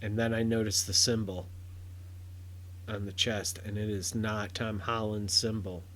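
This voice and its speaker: A man hosting a podcast, giving a casual, rambling film review full of fillers and restarts that turns loud and excited at big moments. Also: lowish voice, a little slow, slight background noise.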